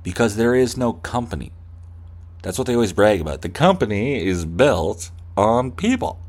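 A man's voice: fairly low pitch, sing-song, moderate pace, a little mellow. A man hosting a podcast, ranting with heavy swearing and slipping into mocking voices of corporate staff. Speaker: podcast host. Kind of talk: profane comedic rant.

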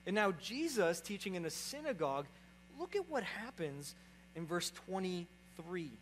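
A man's voice: high voice, big pitch swings, normal speed, a little hiss or hum, low-quality recording. A man in his young adult years preaching a sermon as pastor, speaking conversationally and often checking in with "right?". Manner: conversational, repeats "right?" to the congregation.

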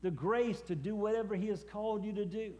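High, mellow-voiced man preaching testimony. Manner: halting, repeats words with many fillers. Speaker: preacher and former hospice chaplain. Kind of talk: personal testimony sermon.

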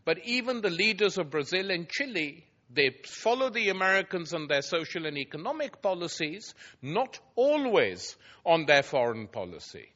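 A man's voice: sits high, sing-song, normal speed, few pauses, sharp tone, muffled recording. A man giving a public lecture before an audience, telling anecdotes with wry, dry irony.

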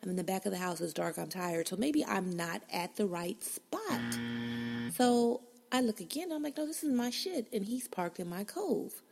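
A woman hosts her own podcast with a deeply gravelly, fry-heavy voice. Her tone is husky and a bit rough. She talks casually and bluntly, swears freely and acts out her own reactions as she tells a story. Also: lively intonation, normal speed, a little mellow. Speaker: podcast host.

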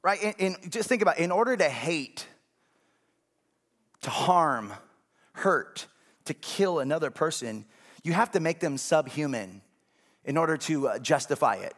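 A man's voice: fairly high pitch, animated, unhurried, long pauses, a bit bright. A man preaching a sermon as pastor, speaking conversationally and often checking whether the congregation is following.

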